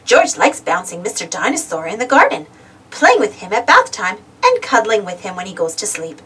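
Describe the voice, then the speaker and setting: A woman reading a children's picture book aloud in a slow, clear, expressive storytelling manner. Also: mid-range voice, recorded from a distance. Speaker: storybook reader.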